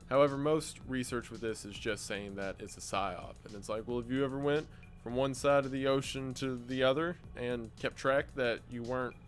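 A man delivers scripted explainer narration in a mid-range voice, steady and explanatory, now and then dropping a dry, wry aside. Soft music plays faintly under his voice. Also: medium pitch.

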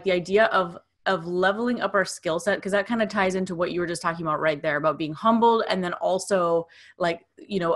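A woman's voice: medium pitch, fairly bright tone. A woman hosting a podcast, asking long, rambling interview questions full of fillers. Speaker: podcast host.

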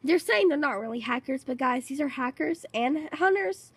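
A woman giving casual gameplay commentary, excitable and rambling, repeating herself a lot. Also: high-pitched, moderate pace, no echo. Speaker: gaming channel host.

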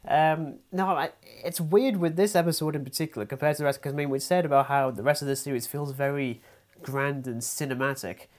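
A man's voice: fairly high pitch, steady tone, fairly quick. Wry young man in podcast chat. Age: young adult. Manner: wry, hesitant, many restarts and fillers. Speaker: podcast co-host. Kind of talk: casual chat. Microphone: podcast mic.

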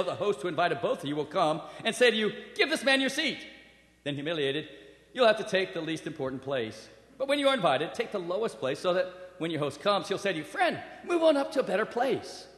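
A man preaching a sermon and telling a personal story, animated, with acted quotes and laughter. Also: fairly high pitch, fast. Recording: roomy hall with long reverb.

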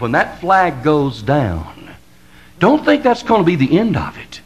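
A man's voice: on the high side, huge pitch swings, unhurried, poor audio. A man from the American South with a Southern drawl, a pastor preaching an impassioned sermon that builds to emphatic crescendos in a repetitive rhetorical cadence.

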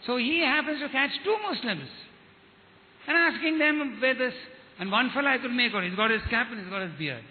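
A man with a high voice preaches a testimony, telling stories with quoted dialogue and often repeating words. The sound is thin and phone-like, with a long reverb tail from a hall and faint noise underneath. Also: lively intonation, a little fast. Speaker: evangelist. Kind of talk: testimony sermon.

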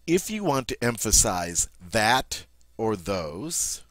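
A man's voice: lowish voice, very animated, slow pace, a bit bright, dry recording. A man teaching a French grammar lesson, emphatic and repeating "all right" often.

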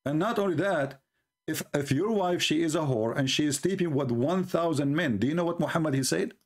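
A taunting, combative man hosts a live-stream polemic. His voice sits a little high for a man, and he keeps chuckling at his own jabs. His English grammar is non-native and rough. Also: brisk. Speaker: debate show host.

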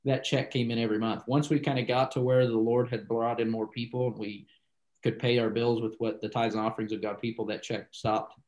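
A man's voice: mid-range voice, level tone, fairly quick, darkish tone, rough recording. A man, a pastor, telling a story in a casual interview, rambling with many asides and acting out the dialogue he quotes.

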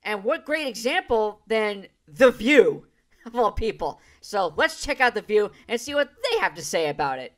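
A woman's voice: mid-range voice, sing-song, normal speed. A woman hosting a reaction video, giving blunt, profane, sarcastic commentary on clips.

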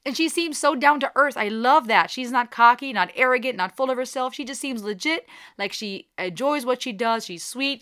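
A woman's voice: medium pitch, bright, forceful tone, smooth. A woman from Germany hosting a casual reaction video, talking in a gushing, rambling way and tripping over her words.

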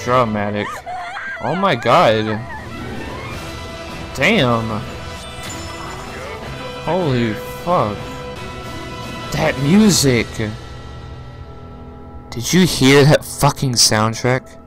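A young man reacting live to a video presentation, excitable, shouting, swearing and gasping. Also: medium pitch, drawn-out words, pauses often, over music.

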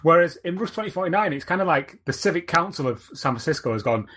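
A man's voice: a little high, expressive, fast, pushed and bright, a little hiss or hum. A man co-hosting a podcast in casual chat, rambling and searching for words. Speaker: podcast co-host.

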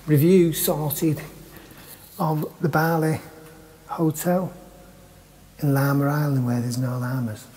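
A man's voice: mid-range voice, measured pace, pauses often, darkish tone, slightly rough. A man with a Manchester accent chatting through a casual vlog walkthrough of a small hotel room and stairwell, with jokey, wry asides. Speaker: travel vlogger reviewing a hotel.

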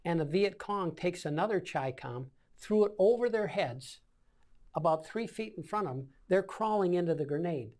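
A man's voice: sits high, expressive, moderate pace, a little mellow. An older man in his seventies tells his war stories as a veteran being interviewed. He talks in a vivid way and acts out each scene with his own gunfire and explosion sounds. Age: 70s. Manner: vivid storyteller acting out scenes with sound effects. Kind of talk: oral-history war recollection.

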